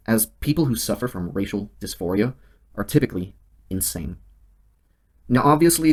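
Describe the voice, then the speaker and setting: Husky man with a deadpan satirical delivery. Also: lowish voice. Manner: deadpan mock-serious delivery. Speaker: host. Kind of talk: satirical scripted monologue.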